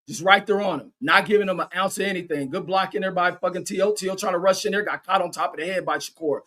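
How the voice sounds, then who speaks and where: On a livestream, a man with a high voice gives fan play-by-play of a fight, cheering excitedly for one boxer and swearing freely. Between calls he reads the viewers' chat out loud.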